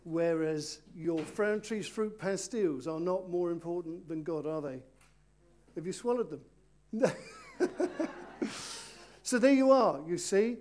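A man's voice: high-pitched, expressive, slow pace, pauses often, darkish tone, a little hiss or hum. Playful preacher man coaxing young volunteers. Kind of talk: children's talk during a church service. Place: church before a congregation.

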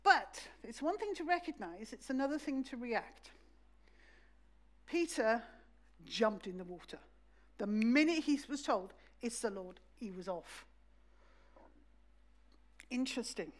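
This woman preaches a sermon in church, bringing the story to life and acting out the voices. Her voice is a little high, and she speaks a little slowly with long pauses.

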